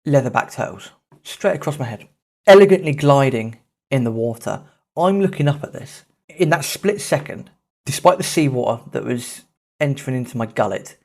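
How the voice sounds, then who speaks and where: A man, hosting a podcast and telling a travel story in a lively, self-mocking, casual way. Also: medium pitch. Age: 30s. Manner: animated, self-mocking anecdote telling with swearing. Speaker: podcast host.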